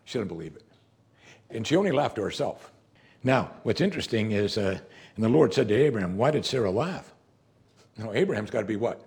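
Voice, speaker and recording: A man's voice: fairly low pitch, expressive, brisk, long pauses, a little mellow. A man preaching a sermon, reading scripture aloud and explaining it in a conversational way, asking questions and answering them himself. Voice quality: very husky, gravelly.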